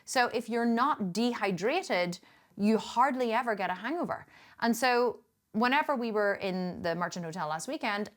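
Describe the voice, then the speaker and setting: Chatty Northern Irish woman vlogger. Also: medium pitch. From Northern Ireland. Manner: chatty and emphatic, with frequent restarts and laughs. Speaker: fitness coach. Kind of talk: casual vlog storytelling.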